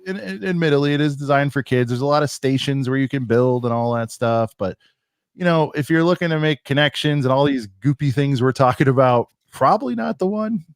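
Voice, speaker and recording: A man co-hosting a laid-back podcast, rambling and joking at his own expense. His voice sits at a middle pitch and sounds dry and close, with no room around it. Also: expressive, brisk, clean tone, no room sound. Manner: rambling, jokey and self-deprecating. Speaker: podcast co-host. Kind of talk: casual chat.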